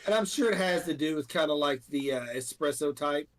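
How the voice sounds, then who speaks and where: A man co-hosting a podcast, chatting casually and cutting in with quick questions. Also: fairly high pitch. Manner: interrupting, quick back-and-forth questions. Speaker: podcast co-host. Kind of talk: casual chat.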